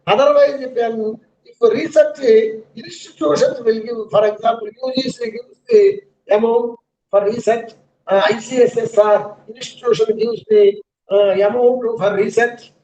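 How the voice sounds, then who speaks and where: A man with an Indian English accent lecturing in an online counselling session, halting with many fillers and repeated list items. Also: extremely high pitch, expressive, mellow. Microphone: video call. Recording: dull lo-fi online audio.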